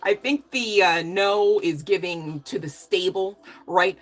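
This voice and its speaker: A tarot reader with a lowish voice gives a live reading slowly and casually. She laughs often and swears cheekily, dropping slang as she goes.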